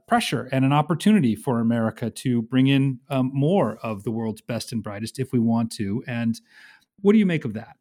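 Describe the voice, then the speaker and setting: A man interviewing a guest, asking direct and brisk questions. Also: mid-range voice, warm tone.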